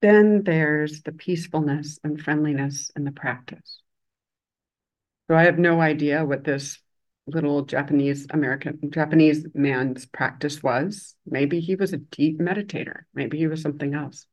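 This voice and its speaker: Gentle woman telling a teaching story. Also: deep voice. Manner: gentle, conversational, pauses often and lets phrases hang; uses a loud, bright voice for quoted speech. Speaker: Buddhist meditation teacher. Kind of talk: dharma talk storytelling.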